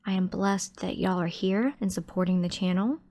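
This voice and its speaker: A woman hosting a true crime channel, speaking softly and emotionally to her viewers. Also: lowish voice, moderate pace. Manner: soft-spoken, emotional, heartfelt. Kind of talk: casual outro to viewers.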